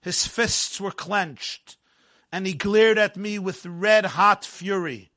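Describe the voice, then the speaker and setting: A man narrating a first-person story in a measured, dramatic way, dropping into quiet stretches. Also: sits high, a little hiss or hum.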